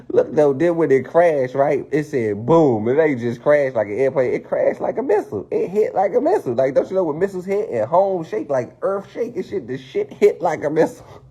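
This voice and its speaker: A man ranting casually and profanely to his viewers, spinning a conspiracy with animated, swearing delivery. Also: fairly high pitch, normal speed, husky. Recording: dull lo-fi stream audio.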